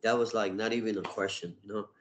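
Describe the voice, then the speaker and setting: A middle-aged man, a wrestler, telling stories in a casual interview, animated and full of swearing. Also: on the low side, fast. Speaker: wrestler guest. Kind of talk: casual storytelling.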